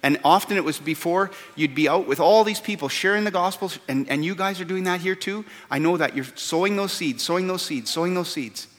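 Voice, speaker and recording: A man's voice: high-pitched, a little fast, few pauses. A man preaching a sermon as pastor, earnest and repeating words for stress. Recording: long hall reverb.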